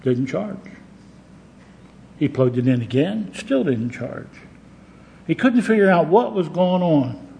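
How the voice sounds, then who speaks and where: A man's voice: fairly high pitch, expressive, slow, gravelly, long pauses, dark tone, a little hiss or hum, low-quality recording. A man preaching a sermon as pastor, earnest and plain-spoken, with conversational asides to his congregation.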